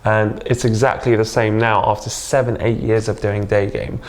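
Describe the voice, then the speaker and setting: Male guest, low-ish voice, easygoing and earnest, chatty interview. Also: little pitch movement, normal speed. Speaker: dating coach guest. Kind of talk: casual interview.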